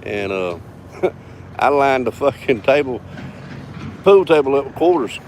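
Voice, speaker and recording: A man with a drawl tells a rowdy bar story in loose, profane, casual talk, chuckling as he goes. His voice sits at an ordinary middle pitch. Steady traffic and outdoor noise run behind him. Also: unhurried. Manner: drawling, profane, laughs between lines. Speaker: vlogger telling a story.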